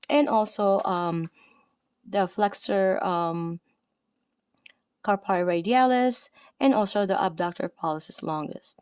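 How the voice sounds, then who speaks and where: Young Filipino-accented woman, massage therapist tutoring online; hesitant, lots of "um", crisp and dry. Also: mid-range voice, a little mellow, dry recording. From Philippines. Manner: halting, many fillers and self-corrections. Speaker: massage therapist teaching anatomy. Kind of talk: casual online anatomy lesson.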